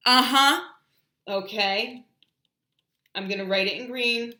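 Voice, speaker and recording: A woman with a fairly high, sharp voice leads an animated livestream teaching English shapes in an echoey room, singing often and slowly stretching out words so children can repeat them, with chatty asides.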